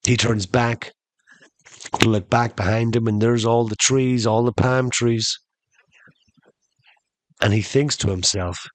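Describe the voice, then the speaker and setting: A man's voice: mid-range voice, fairly even intonation, takes it slowly, long pauses, no echo. A man hosting a podcast, telling a comic story in a chatty way that speaks straight to the listeners. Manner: conversational, addresses listeners as "folks". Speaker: podcast host.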